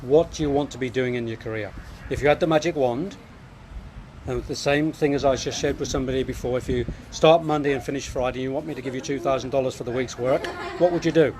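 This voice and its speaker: A man's voice: medium pitch, fairly even intonation, fast, a little mellow, slight background noise. A man, hosting a live show and coaching viewers with earnest, reflective answers. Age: 50s. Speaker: host.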